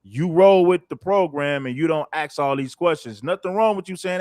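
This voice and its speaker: A man's voice: a little high, brisk, few pauses, clear, resonant tone, no echo, studio quality. A man hosting a livestream, laying down firm, blunt views on relationships. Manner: blunt, firm, laughs along. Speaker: host.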